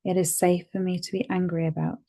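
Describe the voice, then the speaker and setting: A woman leads a tapping session in a calm, gentle voice, giving phrases for the listener to repeat. Her voice sits low with a flat, even melody. There is a gravelly edge of fry. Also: brisk. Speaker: EFT tapping guide.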